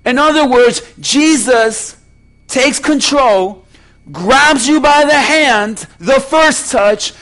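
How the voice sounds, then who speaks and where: Male pastor, unusually high voice, deliberate slow sermon delivery, emphatic. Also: a bit bright. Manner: preaching with slow, emphatic delivery and rhetorical questions.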